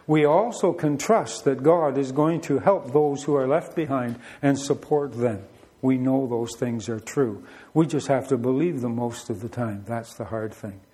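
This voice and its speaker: A man's voice: mid-range voice, unhurried, dark tone. A middle-aged man, preaching a sermon in a conversational, storytelling way full of rhetorical questions. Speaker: pastor.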